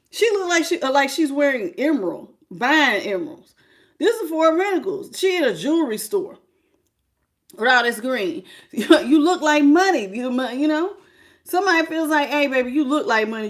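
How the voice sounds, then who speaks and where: A woman, giving a lively, sassy live tarot reading straight to the viewer. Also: sits high. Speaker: tarot reader.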